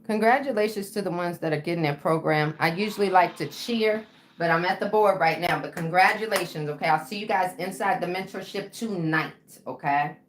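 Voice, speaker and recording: A woman's voice: fairly low pitch, a little fast, reverberant, a little hiss or hum. A woman mindset coach teaching her viewers in a live stream, casual and full of "okay" and "right". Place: room with a whiteboard.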